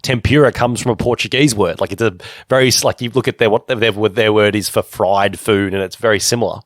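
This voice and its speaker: A man's voice: lowish voice, fairly even intonation, a little fast, dry recording, clean studio sound. A man hosting an interview podcast, chatty and jokey, wandering off on tangents. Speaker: podcast host. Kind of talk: casual interview chat.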